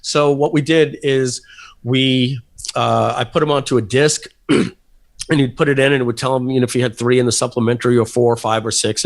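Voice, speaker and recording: A man telling stories as a podcast guest, lively, and acting out the people in them. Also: mid-range voice, gravelly. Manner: animated storyteller, acting out voices. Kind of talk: casual storytelling interview.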